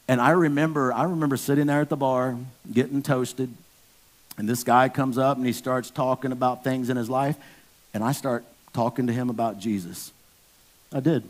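Steady in tone, with a mid-range voice and moderate pace, a fifty-something pastor delivers a candid sermon full of stories. He gets suddenly loud whenever he dramatizes a scene.

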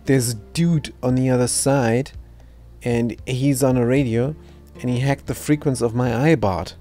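A man streaming a game live, giving casual commentary, reading chat aloud and making relaxed asides. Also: mid-range voice, moderate pace, faint music behind.

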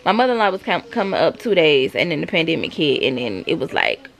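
Gravelly-voiced mom chatting to camera. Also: female voice, deep voice, very animated, fast. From South Carolina, US. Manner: chatty, confiding, talks straight to viewers. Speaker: vlogger, mother. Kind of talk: casual chat to camera. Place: at home.

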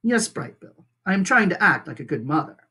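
A teacher reading aloud and voicing a calm, polite female robot who speaks in flat, formal, measured sentences. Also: mid-range voice, husky, full character voice.

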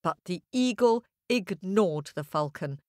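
A woman's voice: on the low side, measured pace, no echo, clean studio sound. A woman telling a children's fable, playful and talking directly to the young listeners. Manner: lively, playful, talks to listeners. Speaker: storyteller. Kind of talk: children's story narration.

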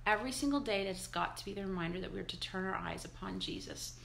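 Bright, upbeat woman pastor. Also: medium pitch, fast talker, gravelly, slight background noise. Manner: chatty, upbeat, greeting viewers by name. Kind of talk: live-streamed morning devotional.

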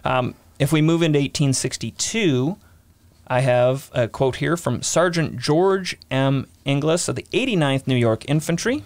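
A man's voice: mid-range voice, unhurried, no echo. Man chatting on a history podcast. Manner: reads letter quotes aloud, laughs easily. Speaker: podcast host. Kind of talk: casual history podcast chat.

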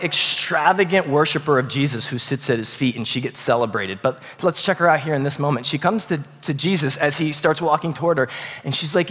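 Male pastor, conversational sermon, loud-to-hushed swings, slightly high voice. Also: long reverb tail. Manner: conversational, swings between loud bursts and quiet hushed passages. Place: church sanctuary.

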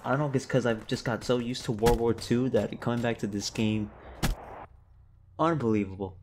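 A man's voice: mid-range voice, normal speed, darkish tone, a little hiss or hum. A young man giving live commentary over a shooter game, frustrated and swearing at opponents. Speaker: gaming YouTuber.

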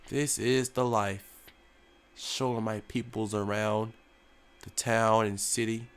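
A man's voice: fairly low pitch, flat delivery, takes it slowly, clean tone. A young man, sick with a cough, giving casual joking commentary while playing a flight game as a mock tour pilot. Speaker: gaming YouTuber.

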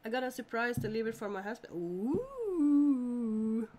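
A woman's voice: a little high, steady tone, very fast, slight background noise. A woman from Norway hosting a casual live stream, chatting and greeting viewers by name with frequent laughs.

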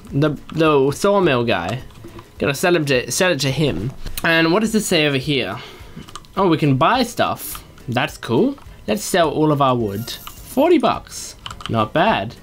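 A man doing Let's Play commentary at his computer, chatting to himself and breaking into excited high yelps. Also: slight background noise. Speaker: gaming YouTuber.

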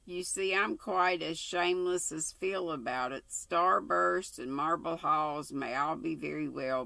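A woman's voice: sits low, vocal fry, bright, forceful tone, no room sound, heavily acted. An older woman reading the lines of a dreamy, imaginative young woman in love from a storybook.

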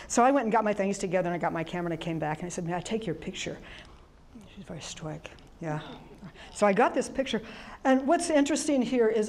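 A middle-aged woman giving a presentation to an audience, telling anecdotes in an animated, chatty way with frequent restarts. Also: medium pitch, slight background noise. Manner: chatty, animated storyteller with many restarts and laughs. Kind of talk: conference presentation storytelling.

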